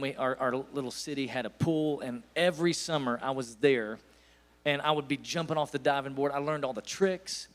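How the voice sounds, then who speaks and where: Guest preacher, man in his forties, East Tennessee accent, storytelling sermon with emphatic peaks. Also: on the high side. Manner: folksy storytelling, rising to emphatic bursts. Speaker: guest pastor.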